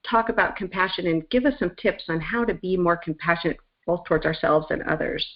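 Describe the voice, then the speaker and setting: A woman's voice: fairly low pitch, fairly even intonation, brisk, highs cut off. A woman reverend hosting an interview, speaking in an earnest, reflective way. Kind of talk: conversational interview.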